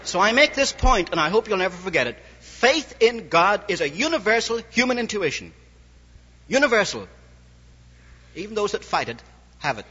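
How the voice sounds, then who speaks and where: This old, lo-fi recording from a reverberant hall captures a man with a high, sing-song voice preaching fairly quickly. His tone is pushed and bright with a breathy edge as he tells stories and acts out what people said.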